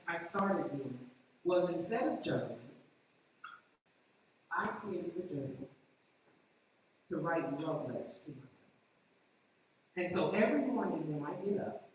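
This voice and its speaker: A woman's voice: fairly low pitch, a little mellow, a little hiss or hum. A woman giving a motivational talk at a conference, often asking the audience direct questions. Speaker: conference speaker. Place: large hall with a live audience. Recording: echoey hall, mic far off.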